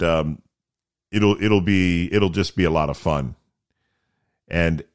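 A Canadian man hosts a casual solo podcast, chatting and rambling with self-deprecating asides. It's early morning, so his voice sounds a little deeper than usual.

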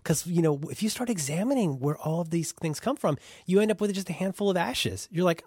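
A man's voice: high-pitched, expressive, a little fast, few pauses, a little mellow, slightly rough, no echo, clean studio sound. A man co-hosting a podcast, telling rambling, wry stories in casual chat and swearing freely. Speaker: podcast co-host.

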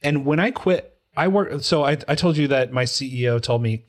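A man in his forties talks through a TV drama in a relaxed podcast chat. His voice sits at a middling pitch, and his delivery is emotional and animated. He breaks into quoted voices as he tells a personal story. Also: fairly quick, few pauses. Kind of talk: casual chat about a TV show.

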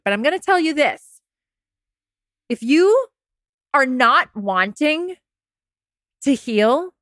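Candid woman coach, bright dry voice. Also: no room sound. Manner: candid, swears, laughs at herself, acts out quotes in a high voice. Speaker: heartbreak coach, podcast host. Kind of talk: casual coaching podcast monologue.

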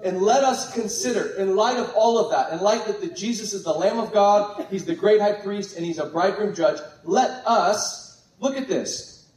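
A man preaching a sermon with exuberant, animated delivery. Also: sits high, normal speed. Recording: echoey room from far off.

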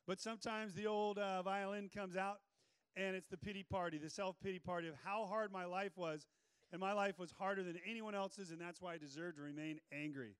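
A male pastor preaching a sermon in an energetic, joking way with playful asides. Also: high-pitched, brisk, clear, resonant tone, no room sound.

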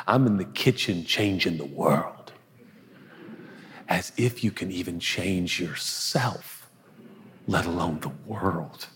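A pastor preaching a sermon in an earnest, conversational way, now and then dropping to a hush. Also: male voice, deep voice, takes it slowly, pauses often, husky, big-room sound. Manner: earnest, conversational preaching with sudden hushed asides. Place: large auditorium.

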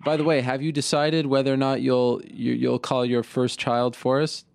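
Smooth-voiced male interviewer. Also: medium pitch, flat delivery, normal speed, darkish tone, dry recording, clean studio sound. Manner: friendly, restarts questions, laughs along. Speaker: interviewer host. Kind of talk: interview questions.

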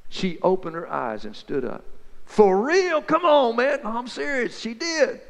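A man telling Bible stories as a folksy, excited back-and-forth chat between two friends. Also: very high-pitched, a little slow, gravelly, long reverb tail. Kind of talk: two-voice dramatized Bible storytelling.

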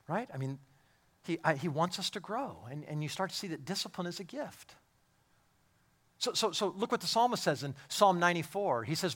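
A man preaching a sermon as a pastor, swinging from hushed, quiet lines to loud, emphatic ones and repeating phrases for emphasis. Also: high voice, huge pitch swings, normal speed, long pauses.

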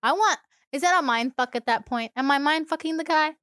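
A woman's voice: high voice, a little fast, a bit bright, dry recording, clean studio sound. A woman chatting casually as a podcast co-host, playfully acting out little scenes and dropping into a sultry voice. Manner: playful, acts out scenarios, drops to a sultry voice. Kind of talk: casual chat.

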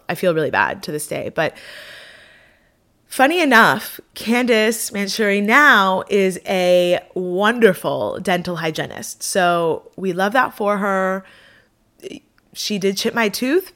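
A young woman vlogger telling a personal story in a casual, animated way, full of fillers and dramatic self-mockery. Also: on the low side.

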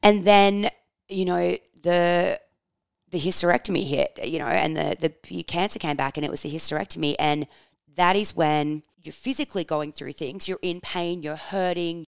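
A woman, telling personal stories in a frank, animated way, swearing casually and laughing as she talks. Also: on the low side, normal speed, creaky, clean tone, no room sound, clean studio sound. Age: 30s. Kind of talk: personal storytelling, candid and confessional.

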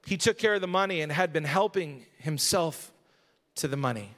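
Speaking at normal speed, the pastor has a fairly high, expressive, fairly bright voice. His sermon begins as easy conversation and climbs to emphatic points, with the church sanctuary's long reverb audible throughout.

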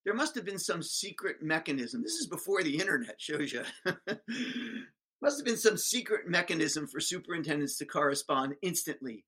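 A man telling a story as a guest, lively and self-mocking, acting out the dialogue. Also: fairly high pitch, normal speed, husky. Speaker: guest speaker. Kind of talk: animated storytelling.

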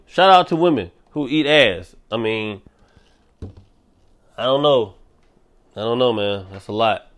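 A young man hosting a solo podcast, ranting in a profane, animated way. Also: mid-range voice. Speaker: podcast host.

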